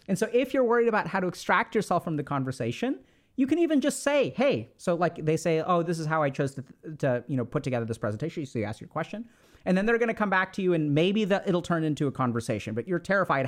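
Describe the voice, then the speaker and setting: A man talking through advice on a podcast, his voice sitting a little high and swinging widely in pitch. He acts out little quoted exchanges and drops casual slang as he goes. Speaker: podcast host giving advice.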